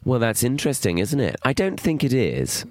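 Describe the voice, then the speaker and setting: A middle-aged man co-hosting a comedy podcast, chatting casually in a teasing, wry way with drawn-out emphasis. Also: mid-range voice, wildly swooping pitch, a little mellow, no echo.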